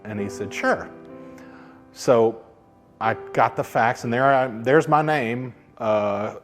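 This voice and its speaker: Speaking slowly at a medium pitch, with faint music behind him, a man who works as a pilot recounts career anecdotes in a relaxed interview. He performs the dialogue he quotes.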